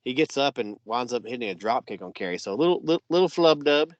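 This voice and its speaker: A man's voice: mid-range voice, lively intonation, fast talker, no room sound, muffled recording. A man co-hosting a casual podcast, eagerly recounting a wrestling match blow by blow, with plenty of "you know" and "yeah.". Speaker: podcast co-host.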